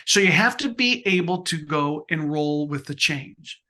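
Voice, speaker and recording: A photographer in his sixties, interviewed as a guest, gives motivational advice, pressing each point hard and often repeating or restarting phrases. His voice is a little high for a man, bright and forceful, with lively intonation and a slightly slow pace.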